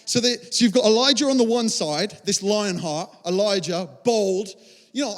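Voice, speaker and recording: Animated male preacher in a reverberant hall. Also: high voice. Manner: animated storytelling, acts out quotes. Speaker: pastor. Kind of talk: sermon. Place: large church hall. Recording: long church hall reverb.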